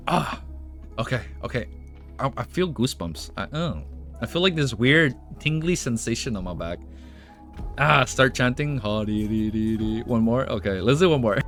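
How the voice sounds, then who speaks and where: A man streaming a live reading of a web novel, excitable and stammering, clearing his throat as his voice wears thin. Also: mid-range voice, faint music behind. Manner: excitable, stammering, reads quickly with jumpy asides. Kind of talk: casual live reading and reacting.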